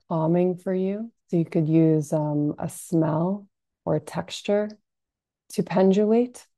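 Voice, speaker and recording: A woman practitioner leading a gentle guided self-soothing lesson, speaking softly and calmly with frequent fillers. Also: fairly low pitch, creaky, no room sound. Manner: soft, unhurried, calming delivery with frequent fillers. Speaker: compassionate inquiry practitioner.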